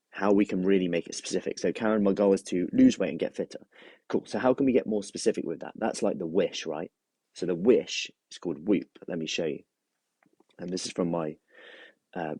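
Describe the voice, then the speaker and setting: A personal trainer talks his viewers through a coaching session in a relaxed, chatty live stream, stopping to greet people by name. His voice sits very low, with a mellow, slightly husky tone. The sound is close and dry. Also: dry recording.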